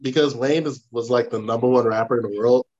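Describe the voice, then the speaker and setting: A man's voice: medium pitch, steady tone, fairly quick, a little mellow. Teasing man on a lo-fi mic. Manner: teasing, laughs a lot. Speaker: podcast co-host. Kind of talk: casual podcast chat. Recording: dull lo-fi sound.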